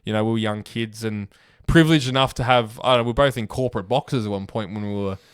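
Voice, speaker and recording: A young Australian man co-hosting a casual podcast, telling lively stories and swearing freely. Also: fairly low pitch, clear, resonant tone, dry recording, clean studio sound. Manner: animated storyteller, quick, swears casually. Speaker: podcast co-host. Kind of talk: casual chat.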